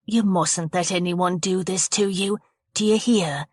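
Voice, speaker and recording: A woman voicing a bossy middle-aged mother running a children's party, brisk and scolding. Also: fairly low pitch, a little mellow, breathy edge, dry recording. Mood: stern. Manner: brisk, scolding, then stern advice.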